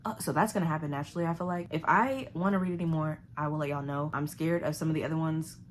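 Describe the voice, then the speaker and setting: A young woman talks through a thriller she just read in a chatty, animated home vlog. Now and then she drops into a hushed whisper. A faint hiss sits under her voice. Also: low-pitched, fast talker. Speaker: book vlogger. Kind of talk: casual chat reviewing a thriller. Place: home living room.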